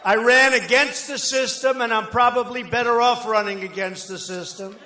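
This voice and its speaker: An older man giving a rambling, boastful campaign rally speech, conversational with sudden loud bursts. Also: very high voice, steady tone, moderate pace, background noise. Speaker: political candidate at a rally. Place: large outdoor rally crowd. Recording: echoey rally PA with crowd ambience.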